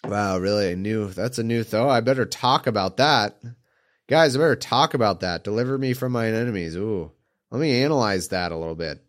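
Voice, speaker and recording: A slightly hoarse man reading old scripture aloud and breaking off into mocking, incredulous asides. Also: fairly low pitch, animated, moderate pace.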